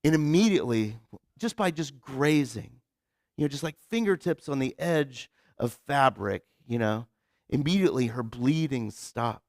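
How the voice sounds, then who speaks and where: A man pastor preaching a conversational sermon, casual and animated, full of filler words and joking with the congregation. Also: medium pitch, moderate pace, dry recording, clean studio sound. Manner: casual, animated, heavy use of "like" and restarts; jokes with the congregation. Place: church sanctuary.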